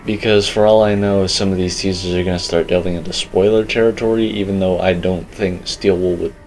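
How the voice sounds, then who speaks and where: Young man, low voice, casual rambling game commentary, faint music behind. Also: steady tone, fairly quick, a little mellow, poor audio. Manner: rambling and opinionated, heavy filler words. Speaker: gaming YouTuber.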